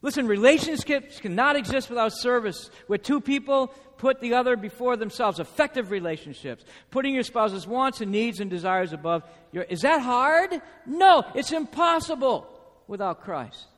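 High-voiced preacher in an echoing church. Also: male voice, lively intonation, moderate pace, a bit bright. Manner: emphatic, repeats phrases, asks the congregation questions. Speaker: pastor. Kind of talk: sermon. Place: church sanctuary. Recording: reverberant church hall.

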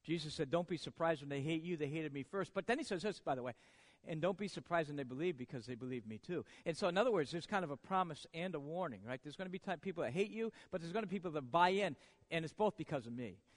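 A man with a high, ringing voice preaches a sermon, dropping to near-quiet and then climbing to loud peaks. He keeps throwing questions back at the congregation. The sound carries the long tail of a big reverberant hall. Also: lively intonation, quick pace. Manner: swings from hushed to loud, asks the congregation rhetorical questions. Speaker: pastor.

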